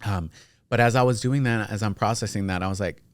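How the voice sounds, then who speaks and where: A young man chats openly as a podcast guest, his voice sitting a little low. He sounds emotional and expressive and keeps acting out what relatives said. The sound is dry and close, with no room echo. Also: fairly quick. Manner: expressive, acts out family members' lines in quoted voices; openly emotional, talks about feelings. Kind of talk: casual heartfelt chat.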